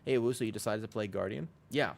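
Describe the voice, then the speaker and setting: Guy streaming a game, low voice, rambles and chats with viewers. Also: fast, creaky. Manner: rambling, lots of "like" fillers. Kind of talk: casual livestream chat.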